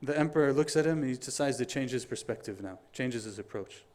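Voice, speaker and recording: A middle-aged man giving a Friday sermon, telling stories in an animated way, acting out the dialogue and reciting quotations quickly. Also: mid-range voice. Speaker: preacher.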